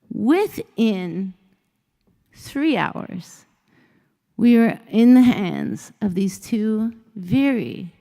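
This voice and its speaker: Woman motivational speaker, gravelly, dark tone, acts out dialogue, stage mic in a reverberant hall. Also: mid-range voice. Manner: vivid storytelling, acting out dialogue with shifting voices. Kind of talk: storytelling keynote speech. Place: conference stage in a large hall.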